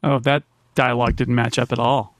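A man's voice: mid-range voice, level tone, fairly quick, fairly bright tone, dry recording. A middle-aged man co-hosting a casual movie commentary, rambling into nerdy technical tangents. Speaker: commentary podcast co-host.

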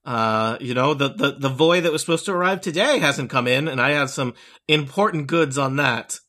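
A man's voice: medium pitch, normal speed, bright, forceful tone, close to an everyday voice. A man voicing a small, fretful male gnome gem merchant who talks in a fussy, hesitant way. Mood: worried. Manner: fussy, hesitant, stumbling over words.

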